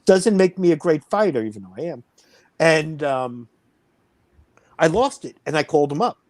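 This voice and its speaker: A man's voice: a little high, sing-song, normal speed, no room sound. A man in his fifties, a wrestling promoter, telling a heated story in a blunt, boastful way. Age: 50s. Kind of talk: casual storytelling.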